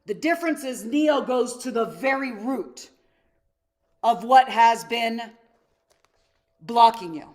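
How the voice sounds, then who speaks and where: Brief: middle-aged woman, seminar coach, high bright voice, animated storyteller who quizzes the room. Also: slow pace, pauses often. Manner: storytelling, asks audience questions, acts out quotes. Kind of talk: live masterclass teaching.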